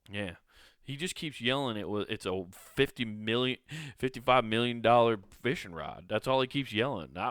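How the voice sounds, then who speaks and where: A man's voice: medium pitch, fairly bright tone, no echo. A man hosting a solo comedy podcast, ranting in a profane, rambling, incredulous way on a close podcast mic. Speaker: podcast host.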